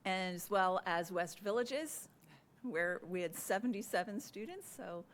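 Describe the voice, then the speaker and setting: A school district administrator, a woman whose voice is hoarse and giving out, presents a report at a public meeting in a measured, earnest way, often filling pauses with "uh" and "um." Her pitch is medium and her delivery expressive, and she speaks into a desk microphone in a meeting room.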